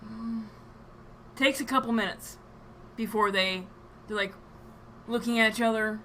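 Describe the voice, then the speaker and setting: A woman runs a tabletop game, narrating slowly and stopping often to restart her sentences. Her voice is bright and a little high. A faint hiss sits under the stream audio. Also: fairly even intonation, low-quality recording. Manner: hesitant, with many ums and restarts. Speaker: game master.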